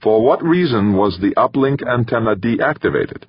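A man's voice: medium pitch, animated, moderate pace, breathy edge, no room sound, muffled recording, pitched above the performer's own voice. A man voicing a stubborn, impatient male space technician in an audiobook, terse and muttering. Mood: probing. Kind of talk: audiobook character reading.

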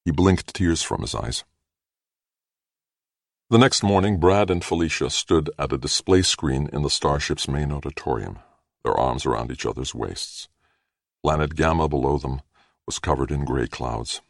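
A man narrating a story in a steady, measured reading. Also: a bass voice, vocal fry, no echo, studio quality. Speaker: audiobook narrator. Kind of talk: scripted narration.

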